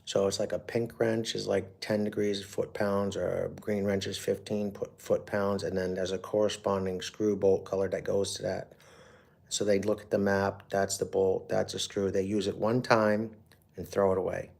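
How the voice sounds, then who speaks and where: Deep gravelly man telling a rambling story. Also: level tone, normal speed, a little mellow. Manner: profane, emotional, with frequent fillers. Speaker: livestream host. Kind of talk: rambling personal story on a livestream.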